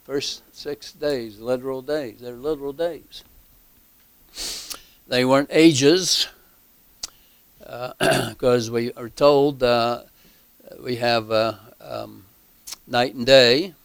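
A man teaching a Bible class, slow and halting, with many fillers and emphatic repeats. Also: mid-range voice, steady tone, vocal fry, smooth, dry recording. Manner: emphatic repetition.

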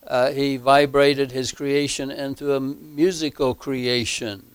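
Male Bible teacher, very slow halting delivery, smooth clear voice, dry close sound. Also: mid-range voice, little pitch movement, dry recording. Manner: slow, halting, many fillers and restarts; emphatic repetition.

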